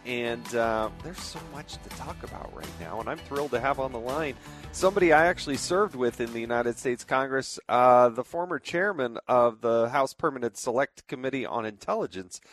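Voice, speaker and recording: A man's voice: mid-range voice, fairly bright tone. A man hosting a talk radio show, delivering indignant commentary full of rhetorical questions. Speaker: fill-in radio host.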